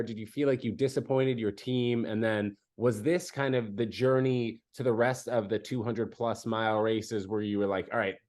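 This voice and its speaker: A man's voice: mid-range voice, a little mellow. A man hosting a podcast who asks long, winding questions in a casual style. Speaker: podcast host.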